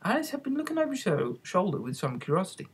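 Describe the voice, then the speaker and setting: Husky amateur storybook narrator. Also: medium pitch, huge pitch swings, quick pace. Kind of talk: amateur audiobook reading.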